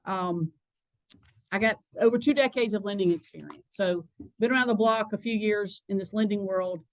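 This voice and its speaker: A woman's voice: medium pitch, moderate pace, no room sound, low-quality recording. Southern woman hosting a webinar. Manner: chatty, many fillers and restarts. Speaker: webinar host, lending partner. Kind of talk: casual presentation.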